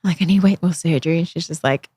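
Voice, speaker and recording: Speaking quickly in a low, dark and slightly rough voice, this Australian podcast host shares her personal story with candid, self-mocking chattiness.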